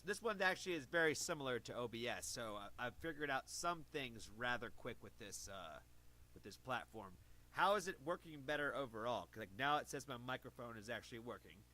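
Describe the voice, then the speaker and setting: Bright-voiced man chatting on a livestream. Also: mid-range voice. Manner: rambling, self-correcting, talks to chat. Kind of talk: casual livestream chat. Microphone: own streaming mic, adjusted close.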